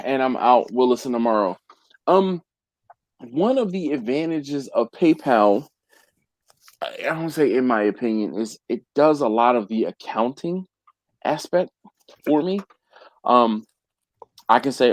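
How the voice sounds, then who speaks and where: Man, barbecue stream host, casual rambling talk, lively pitch swings, dry sound. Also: normal speed, no room sound. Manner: animated, rambling, with repeated restarts. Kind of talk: casual live-stream chat.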